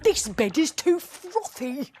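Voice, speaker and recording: A woman voicing a small, gentle, sleepy male bear in a storybook, drawing out his plaintive complaints. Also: high-pitched, very animated, slow pace, slight background noise, pitched above the performer's own voice, exaggerated voice. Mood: fussy.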